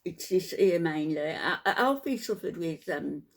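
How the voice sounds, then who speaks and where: An older woman, softly spoken and tired after a sleepless night, chatting to her viewers in a halting way with many ums. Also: lowish voice, animated. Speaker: vlogger. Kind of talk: casual chat to camera.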